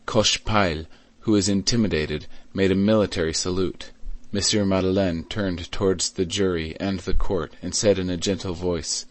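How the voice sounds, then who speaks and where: A man reading a classic novel aloud as an audiobook in a measured, even way. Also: low-pitched, dry recording. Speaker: audiobook reader. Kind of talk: scripted narration.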